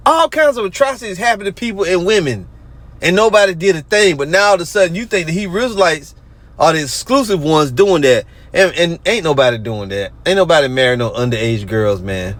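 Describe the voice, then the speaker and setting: He speaks on the high side, animated and brisk, with a somewhat bright tone on a dry recording. As a religious group commentator, he mocks and rants casually, stopping to read scripture aloud.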